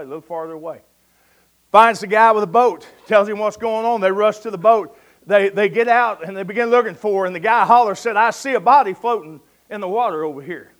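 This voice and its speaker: A man's voice: high voice, fairly bright tone. A man preaching a sermon, telling stories in a folksy way and calling his listeners friend and folks.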